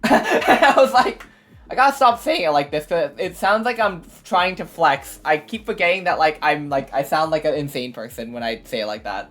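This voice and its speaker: A woman streamer recapping an event in a casual, rambling way, full of fillers and excited asides. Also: deep voice, moderate pace. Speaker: VTuber streamer. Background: faint background music.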